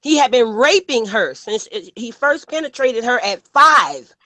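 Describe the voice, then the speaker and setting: A woman's voice: fairly high pitch, animated, unhurried, sharp tone, dry recording. A woman co-hosting a casual panel talk, emphatic and blunt, often asking "you know what I'm saying". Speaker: panel host.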